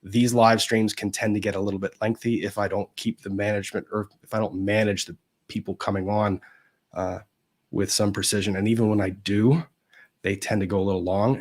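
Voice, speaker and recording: A man hosting a casual live stream, reading viewers' greetings aloud in a chatty way, his pitch swinging up and down as he goes. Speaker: livestream host of a legal commentary show.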